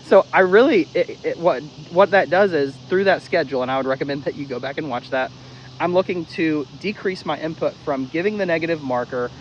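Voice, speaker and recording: Blunt, slightly high-voiced male dog trainer. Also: fairly quick, muffled recording, a little hiss or hum. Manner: blunt, emphatic, swears casually; repeats key steps in drill-like rhythm. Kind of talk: casual instructional talk.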